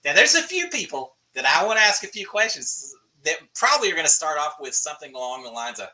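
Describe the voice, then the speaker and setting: A man's voice: on the high side, fast, rough recording. A middle-aged man, chatting casually as host of a live stream and answering viewer questions in a folksy way. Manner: animated, folksy, restarts and uh fillers.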